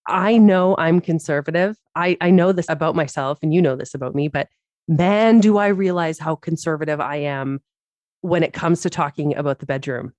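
A woman co-host on a casual podcast, with a somewhat low voice. She talks openly and pokes fun at herself, laughs often and trips over her own sentences. The recording is dry and close, with no room sound. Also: normal speed, a little mellow, dry recording. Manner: candid, self-deprecating, laughs often, many restarts.

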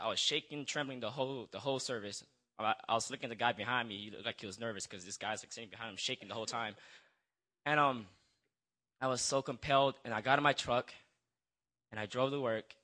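A young man shares his personal testimony at a church gathering, speaking into a handheld mic. His voice is bright and forward. He talks nervously, stumbling and restarting, with a middling pitch. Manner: nervous and hesitant, full of restarts and apologies. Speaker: church member giving a testimony. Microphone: handheld microphone.

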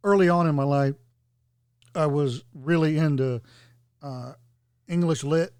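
A man's voice: a little high, a little slow, a little mellow, smooth, no room sound. A man chatting casually on a podcast, rambling and joking through digressions. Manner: rambling, jokey, digressive storytelling.

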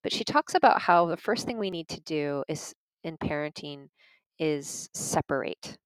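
A woman's voice: low voice, expressive, moderate pace, dry recording, poor audio. A woman giving an informal teaching talk on parenting and emotions, earnest and conversational, telling stories and speaking straight to her listeners. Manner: conversational, addresses listeners as "you guys"; earnest, storytelling.

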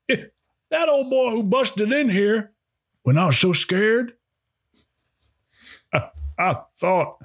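A folksy old prison warden drawls out a letter to his boys, fond and doting, as a man puts him on for a comedy podcast. The voice leaps around in pitch and has a husky edge. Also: heavily acted.

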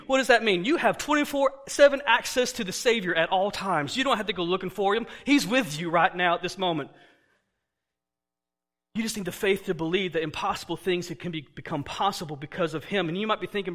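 Male pastor preaching to his church, lively, acts out scenes, high and bright voice. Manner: animated, acts out dialogue, laughs often. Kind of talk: sermon.

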